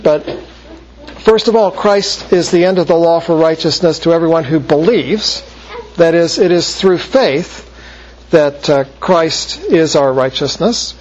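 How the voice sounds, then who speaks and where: Male Bible teacher, lecture delivery, slightly high voice, dull lo-fi recording. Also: a little hiss or hum. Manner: measured, slows to stress key phrases.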